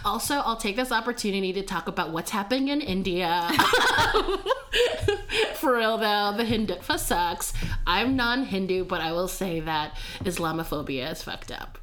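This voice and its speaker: A young adult woman telling a personal story in a casual podcast chat, halting with fillers and laughing often. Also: medium pitch, big pitch swings, a bit bright, a little hiss or hum. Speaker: guest storyteller. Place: Chicago-based.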